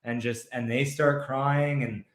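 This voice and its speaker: A man's voice: medium pitch, fairly even intonation, measured pace, roomy sound. A man guesting on a podcast, chatting enthusiastically about films and acting out scenes. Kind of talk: casual film chat.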